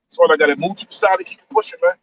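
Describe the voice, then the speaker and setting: A man's voice: on the high side, huge pitch swings, rapid-fire, breathy edge. A man, hosting a live stream and lecturing his audience, repeating lines and saying "man" a lot. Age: 40s. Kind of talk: casual monologue on a live stream. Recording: dull, distant mic with faint noise.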